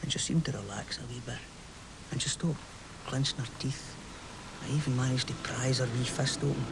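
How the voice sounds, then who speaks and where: A man's voice: medium pitch, steady tone, normal speed, creaky, very noisy, close to an everyday voice. A man playing a chatty Glasgow football fan. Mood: warm storytelling. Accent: Glaswegian Scottish. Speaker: football fan telling a story. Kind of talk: stage play acting.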